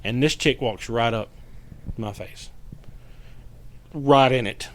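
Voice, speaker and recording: Appearing as a guest in a casual podcast chat, a male paranormal investigator tells a story in an animated, profane way, acting out what people said. His voice is medium-pitched, and he speaks slowly.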